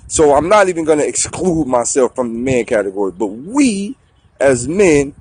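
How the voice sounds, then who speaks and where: A man telling a story in a profane, slangy, animated way on a talk show. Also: mid-range voice, normal speed, breathy edge.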